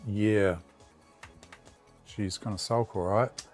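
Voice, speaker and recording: A New Zealand-accented man with a lowish voice chats casually to his livestream viewers. His talk is easygoing and rambling. Soft music plays faintly in the background. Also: fairly even intonation, takes it slowly. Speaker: livestream host.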